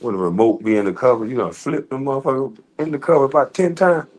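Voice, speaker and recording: A man's voice: mid-range voice, quick pace, darkish tone. A man ranting in casual commentary, blunt and heavy on cursing. He keeps breaking into laughter as he talks back to his critics. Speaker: commentator reacting to online critics. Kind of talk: casual profane rant.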